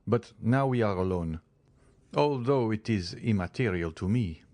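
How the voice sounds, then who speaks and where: A man's voice: fairly low pitch, lively intonation, a little slow, a little mellow, no echo. A man reading as an eager young nobleman. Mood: earnest. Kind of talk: audiobook character reading.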